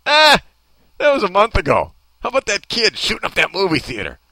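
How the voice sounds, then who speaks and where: A man's voice: sits high, wildly swooping pitch, fairly quick, sharp tone, no room sound. A man hosting a talk show, ranting in a sarcastic, mocking way and needling people off mic. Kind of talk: comedic opinion rant.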